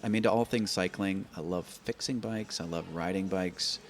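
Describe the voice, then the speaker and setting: A man in his fifties with a low, deep voice tells stories on a podcast. He talks in an animated, rambling way, stacking up repeated words as he gathers his thoughts. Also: moderate pace, slight background noise. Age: 50s. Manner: animated, repeats words and restarts while thinking. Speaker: podcast guest. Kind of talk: conversational storytelling. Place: open-air bike and coffee shop in a garage.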